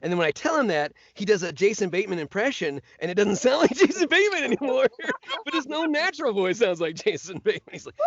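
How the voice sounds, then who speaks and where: Male voice actor, lively storyteller, fairly high voice, muffled dry recording. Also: fast talker, no room sound. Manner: animated, slips into voices and laughs while telling stories. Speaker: voice actor guest. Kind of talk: casual storytelling chat.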